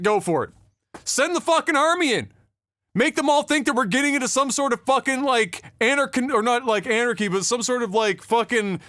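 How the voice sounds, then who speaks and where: A man's voice: extremely high pitch, a bit bright, no room sound. A man ranting with heavy swearing in a casual podcast chat. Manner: profane, ranting, exasperated. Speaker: podcast co-host.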